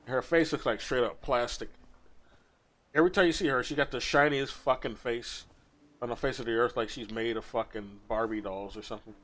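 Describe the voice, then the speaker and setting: A man's voice: mid-range voice, steady tone, brisk, fairly bright tone. A young man ranting with crude, mocking commentary while reacting to a video on a stream. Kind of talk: casual profane commentary.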